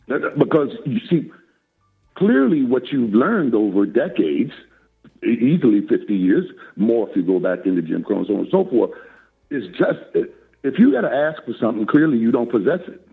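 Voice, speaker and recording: An older man on a phone call as a talk guest, talking in a lively, preacherly way and laughing often. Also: mid-range voice, normal speed, gravelly, husky, faint music behind. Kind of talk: casual chat. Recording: tinny phone line.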